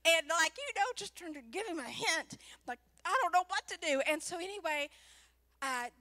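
A woman speaking at a church, a pastor's wife telling an animated personal story within a sermon. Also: very high-pitched, moderate pace.

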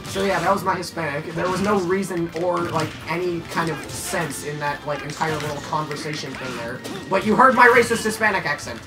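A young man swapping loud, profane trash talk while playing a fighting game with friends. His voice sits high. Music plays clearly underneath. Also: fairly quick, hardly any pauses. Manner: loud, swearing, trash-talking. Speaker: gamer. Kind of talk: casual gaming banter.

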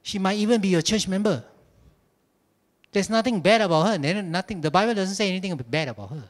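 Animated, fairly high-voiced male pastor preaching. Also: brisk. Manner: animated storytelling with humor. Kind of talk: sermon. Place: church service.

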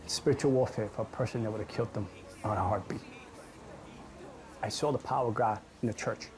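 A man's voice: on the low side, brisk. A man giving an earnest, dramatic personal testimony about his past. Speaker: testimony speaker. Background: music.

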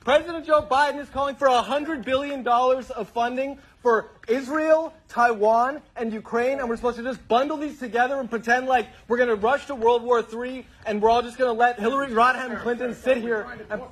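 High-voiced young man heckling insistently. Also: steady tone, fairly quick, hardly any pauses, fairly bright tone, husky. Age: young adult. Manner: insistent, stammering, talks over others. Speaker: student heckler in audience. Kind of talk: heated public confrontation.

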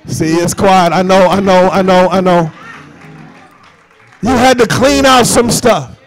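A man preaching a sermon live in church, getting the congregation to repeat after him and swinging from quiet talk up to shouting. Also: a little slow, faint music behind, poor audio. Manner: builds to shouting peaks, then drops low. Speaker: pastor. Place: church sanctuary, recorded live.

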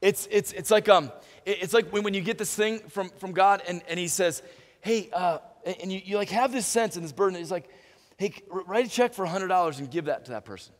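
A man preaching a sermon as pastor, animated, stumbling and restarting often, and acting out little dialogues. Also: high voice, brisk. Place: church sanctuary. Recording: reverberant church hall.

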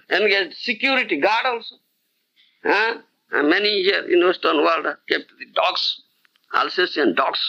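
A man's voice: high voice, sharp tone. A man giving a devotional lecture, chanting scripture verses and often checking that listeners understand. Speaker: spiritual teacher. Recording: dull lo-fi 1990s lecture tape.

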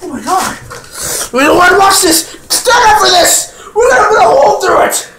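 A man's voice: extremely high pitch, lively intonation, normal speed, distant mic. A man putting on a shrieking, furious wrestler character in a homemade parody, filmed on a handheld camera indoors. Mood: frenzied. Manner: screeching, yelling catchphrases. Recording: echoey room, loud noise.

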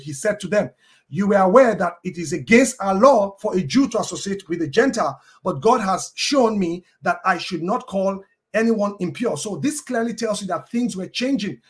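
High-voiced hesitant male debater. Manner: halting, with many ums and uhs and restarts. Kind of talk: debate argument quoting scripture.

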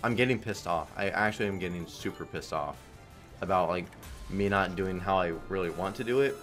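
A man's voice: deep voice, brisk, fairly bright tone, soft background music. A man streaming online slots, giving casual, profane play-by-play and thinking aloud in a frustrated way.

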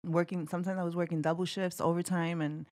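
A woman's voice: on the low side, level tone, fast, darkish tone. A woman in her thirties, a podcast guest telling stories in casual chat, laughing often.

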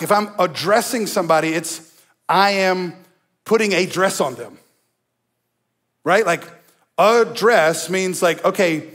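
A man's voice: high-pitched, a bit bright. A male pastor preaching a sermon in a conversational, emphatic way, with asides to the congregation. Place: church.

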